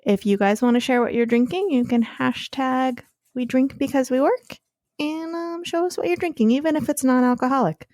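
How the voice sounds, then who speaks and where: A woman co-hosting a podcast in casual chat, playful and quick to laugh, swearing casually. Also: sits high, darkish tone, no echo, studio quality. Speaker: podcast co-host.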